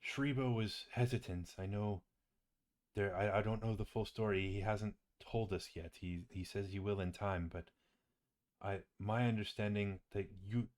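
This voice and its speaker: A man voicing a grateful, loyal male companion who talks in an earnest, halting way, in a tabletop game. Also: deep voice, natural voice. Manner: earnest, halting, stumbling over words.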